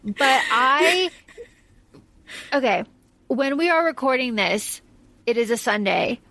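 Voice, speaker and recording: Blunt, animated woman podcaster, dry sound. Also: high voice, slow, no echo. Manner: blunt and profane, animated retelling. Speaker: podcast co-host. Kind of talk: casual chat.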